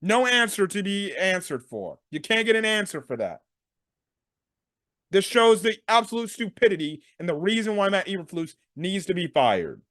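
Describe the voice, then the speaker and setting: A man's voice: high-pitched, very animated, moderate pace, a bit bright, no room sound, studio quality. A man hosting a sports talk show, ranting through a game recap with exasperated rhetorical questions. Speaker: sports podcast host.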